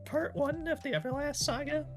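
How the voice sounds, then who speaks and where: A woman's voice: high voice, moderate pace, music in the background, pitched above the performer's own voice, lightly acted. A woman voicing a cheerful, curious teenage schoolgirl who reads game lines with surprised questions.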